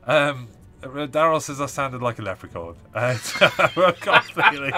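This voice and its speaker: A man's voice: medium pitch, expressive, slow, pushed and bright, faint music behind. A man hosting a casual live stream, chatting, laughing often and reading viewer comments aloud. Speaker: host reading live chat.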